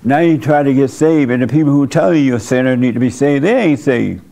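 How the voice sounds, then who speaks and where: A man's voice: mid-range voice, brisk, vocal fry, warm tone. A man leading an informal church service, talking bluntly and conversationally with his congregation in a folksy way. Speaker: pastor.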